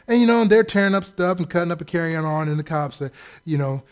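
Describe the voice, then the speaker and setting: A man with a fairly high voice preaching a sermon. He talks loosely and conversationally, swings between quiet asides and loud bursts, and slips into quick mimicked voices to make his point. His tone is animated and jokey, but the delivery is still that of a pulpit message. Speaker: pastor.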